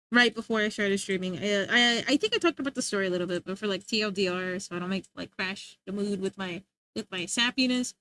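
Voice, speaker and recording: Into a desk mic, a young woman streamer makes casual, animated conversation full of slang and fillers. Her pitch sits in the medium range.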